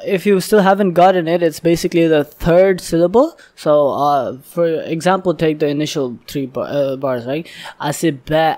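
A man's voice: fairly high pitch, normal speed, darkish tone. A man hosting a music reaction video, casually and eagerly explaining rhyme schemes and often exclaiming in admiration. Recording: faint music playing behind.

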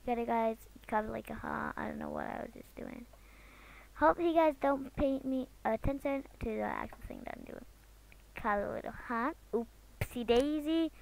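Goofy chatty woman with gravelly edge. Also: a little high, huge pitch swings, moderate pace, slight background noise. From Britain. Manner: chatty and goofy, jumping between loud outbursts and whispers. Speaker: drawing vlogger. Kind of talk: casual commentary while drawing.

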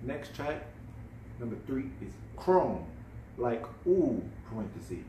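A man giving casual, excitable reaction commentary on an album, with exclamations and drawn-out remarks. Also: mid-range voice, far from the mic, slight background noise. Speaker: music reaction vlogger. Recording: roomy, off-mic, music underneath. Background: album playing.

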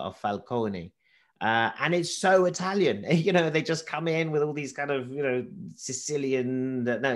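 Male film critic, animated and chatty, stumbles and restarts often. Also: mid-range voice. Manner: animated, halting with many restarts. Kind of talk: casual talk.

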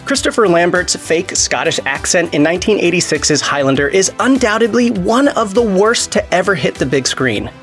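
A man's voice: high-pitched, lively intonation, moderate pace, few pauses, a bit bright, faint music behind. A man narrating a scripted video in a wry, sardonic tone.

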